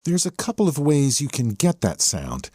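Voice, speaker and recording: A man's voice: mid-range voice, wildly swooping pitch, moderate pace, darkish tone, faint music behind. A man hosting a podcast, enthusiastically explaining a song section by section. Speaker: podcast host. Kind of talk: song breakdown commentary. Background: the song playing underneath.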